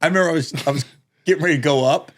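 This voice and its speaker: A man's voice: on the high side, very fast. A man co-hosting a podcast, telling stories in casual chat and laughing often. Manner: animated storytelling, laughs often. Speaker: co-host, comedian.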